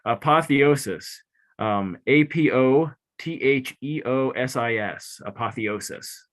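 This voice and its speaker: A man competing in a spelling bee over a video call, thinking out loud and second-guessing himself before spelling. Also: mid-range voice, slow pace. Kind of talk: spelling aloud in a contest.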